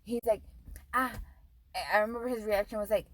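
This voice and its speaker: A woman's voice: mid-range voice, fairly even intonation, brisk, pauses often, fairly bright tone, low-quality recording. A young woman vlogger telling a storytime rant, profane and heated, switching between English and Spanish.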